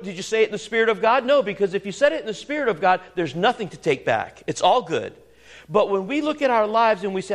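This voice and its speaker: A man preaching a sermon, reading scripture aloud and pressing his points with repeated words and questions to the congregation. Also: high voice.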